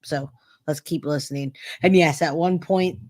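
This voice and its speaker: A man's voice: on the high side, steady tone, moderate pace, a little mellow, no echo. Chatty man hosting a dry live stream. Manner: chatty, addresses chat directly, many restarts. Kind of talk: casual true-crime commentary.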